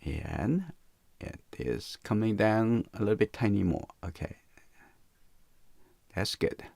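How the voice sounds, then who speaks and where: A man with teaching watercolor in a relaxed live painting demonstration, softly talking through each step and often saying "okay, that's good.". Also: lowish voice, unhurried, creaky, no echo.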